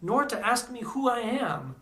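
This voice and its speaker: An American man telling a personal story in a casual, animated way, acting out the voices of the people he quotes. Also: very high-pitched, measured pace. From United States. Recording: echoey room.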